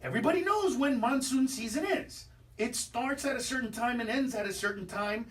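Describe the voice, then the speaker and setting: A man comedian rants through his bits in a brash stand-up manner, jumping up into shouts for the punchlines. His voice sits a little back from the microphone in a radio studio. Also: very high-pitched, fairly quick, distant mic. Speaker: comedian guest. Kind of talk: stand-up style radio chat.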